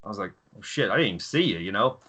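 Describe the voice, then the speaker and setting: Ex-marine guy in his 30s swearing thru army stories, bright crisp tone. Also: on the low side, very fast. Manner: profane, animated war-story telling. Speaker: podcast guest, former Marine. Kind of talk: casual storytelling chat.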